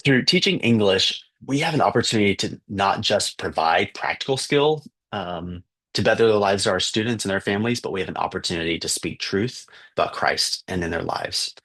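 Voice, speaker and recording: Man, low voice, husky, earnest storytelling, some fillers. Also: lively intonation, fairly quick, fairly bright tone. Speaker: missionary teacher. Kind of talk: spoken fundraising story.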